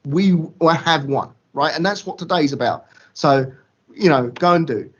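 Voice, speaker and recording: A man's voice: on the high side, moderate pace, a bit bright. A man giving an impassioned motivational talk over a video call, emphatic and slangy, repeating words for effect. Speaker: guest speaker. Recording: dull lo-fi call audio.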